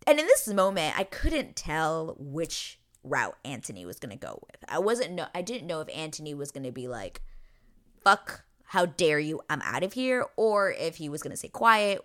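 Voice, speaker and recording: A woman with a low voice recaps a TV episode in loose, chatty fashion. Her pitch swings widely as she gets excited. She swears freely and fills her talk with "like". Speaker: TV recap vlogger. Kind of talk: casual episode breakdown.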